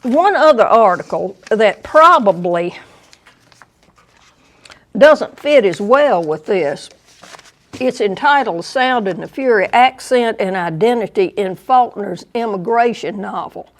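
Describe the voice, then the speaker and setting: A woman with a Southern US accent giving a museum lecture, deliberate and dry, with wry asides to the audience. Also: mid-range voice, expressive. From American South. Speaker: guest lecturer.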